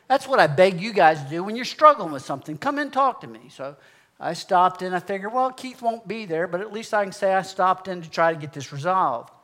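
A man's voice: high voice, fairly bright tone. A man preaching, telling a personal story in a folksy, conversational way. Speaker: pastor. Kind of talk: sermon testimony.

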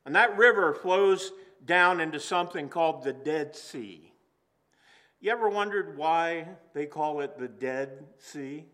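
A man preaching a sermon to a congregation in a church, earnest and slowing down for emphasis. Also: on the high side, bright, forceful tone. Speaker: pastor. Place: church sanctuary.

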